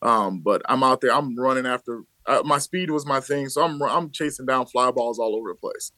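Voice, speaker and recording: A man's voice: mid-range voice, moderate pace, no echo. A man in his thirties from the Chicago area, a baseball coach telling stories as a podcast guest, laughing often and acting out quoted lines. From Chicago area, USA. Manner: animated storyteller who laughs often and acts out quotes. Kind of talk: casual conversational storytelling.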